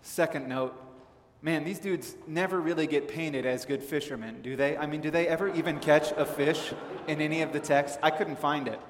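A man from Southern California preaching a sermon in a relaxed, conversational storytelling manner. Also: on the high side, normal speed, slight background noise. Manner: conversational storytelling, animated in anecdotes. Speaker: pastor. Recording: echoey hall with faint ambience.

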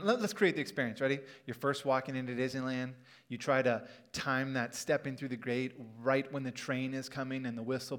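A middle-aged pastor giving a sermon in a church auditorium, telling a humorous story in a conversational way. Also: male voice, medium pitch, fairly bright tone.

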